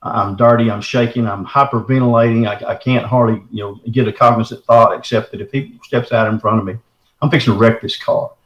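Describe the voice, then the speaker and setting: A man's voice: medium pitch, steady tone, brisk, reverberant, highs cut off. A middle-aged man from the States. He earnestly recounts a personal encounter as a caller, in a folksy way. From Texarkana area, southern United States. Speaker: caller telling his encounter.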